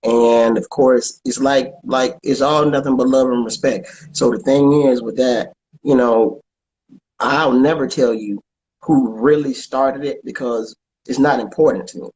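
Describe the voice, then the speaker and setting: A man's voice: mid-range voice, steady tone, a little mellow, a little hiss or hum, poor audio. A man, a comedian and podcast co-host chatting casually in an interview, often stumbling and repeating words. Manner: halting, repeats words, plugs his show.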